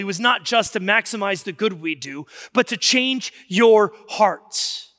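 A man preaching a sermon as pastor, telling stories in an animated way that rises to shouts of emphasis. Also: high voice, measured pace, in a large hall. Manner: animated storytelling, rising to shouts.

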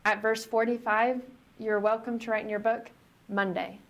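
A woman pastor reading scripture aloud and preaching in a reflective, conversational way, slowing down for emphasis. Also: on the high side, level tone.

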